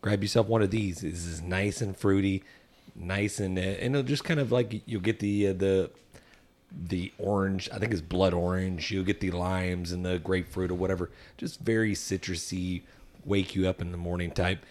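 A man's voice: deep voice, fairly even intonation, normal speed, a little mellow. A man co-hosting a casual podcast, rambling and joking with lots of fillers as he reviews a beer. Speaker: podcast co-host, barbecue team member.

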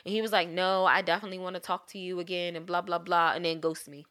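A young woman recounting a breakup story in loose, casual chat. Her voice is bright and forward. She swears freely and breaks into laughter as she goes. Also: fairly low pitch, quick pace. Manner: animated, profane, laughing storyteller.

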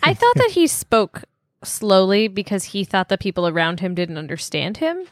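A woman's voice: mid-range voice, big pitch swings, moderate pace, no echo, studio quality. A woman co-hosting a podcast, chatting casually and playfully. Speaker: podcast co-host. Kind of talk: casual chat.

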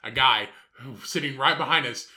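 A man's voice: medium pitch, normal speed, bright, forceful tone. A man co-hosting a podcast in casual chat, blunt and swearing freely. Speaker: podcast co-host.

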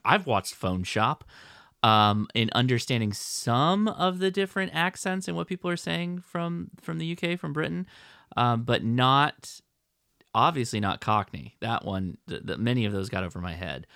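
A man's voice: medium pitch, expressive, normal speed, bright, forceful tone, no room sound, clean studio sound. An American man co-hosting a podcast, talking in a playful, rambling way and often correcting himself. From United States. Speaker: podcast co-host. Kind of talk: casual chat.

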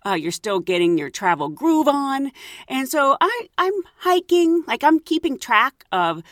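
Lively woman telling a travel story. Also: high voice, measured pace, no room sound, clean studio sound. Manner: animated, acts out voices, laughs often. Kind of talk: casual travel story to camera.

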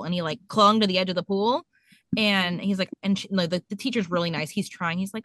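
A woman's voice: lowish voice, brisk, a bit bright, no room sound. A woman in her thirties telling a self-mocking mom story in casual podcast chat.

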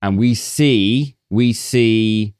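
A man's voice: on the low side, extremely slow, darkish tone, clean tone, no room sound, clean studio sound. A man co-hosting a casual film podcast, teasing and explaining with banter. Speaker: podcast co-host.

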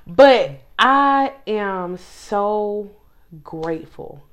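Woman, podcast host, lively pitch, emotional testimony talk. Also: very slow. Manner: emotional, animated, testimony-style storytelling. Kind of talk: casual faith chat.

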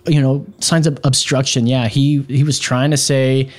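A man's voice: medium pitch, flat delivery, moderate pace, a little mellow. A man hosting a casual podcast who reads news stories aloud and riffs on them with sarcasm and profanity. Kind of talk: casual crude news commentary.

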